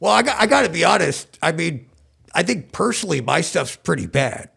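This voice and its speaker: A man voicing a cheerful, self-pitying adult male goblin, talking as a podcast guest in a rambling, excitable way. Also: on the high side, a little fast, full character voice. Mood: storytelling. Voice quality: gravelly, husky. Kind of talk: comedic character chat.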